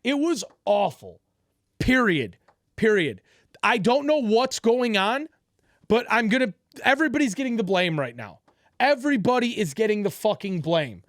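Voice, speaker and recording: A man rants about football on a podcast, swearing freely and hammering each point home. His voice swings widely in pitch as he builds and drops. The sound is dry and close, with no room around it. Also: very animated, normal speed, fairly bright tone, no room sound. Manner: profane, ranting, emphatic. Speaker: sports podcast co-host. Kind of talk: heated sports talk.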